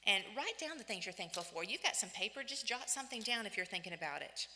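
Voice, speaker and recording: A woman in her fifties giving an inspirational church talk, telling personal stories in an animated way and acting out the voices she quotes. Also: medium pitch, quick pace, a little hiss or hum. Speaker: women's day church speaker. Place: church hall. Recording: echoey church hall.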